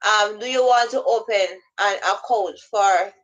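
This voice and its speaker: Speaking unhurriedly in a mid-range, slightly bright voice, a woman vlogs casual advice on recognizing scammers. She rambles and voices both ends of phone conversations, and the recording is rough.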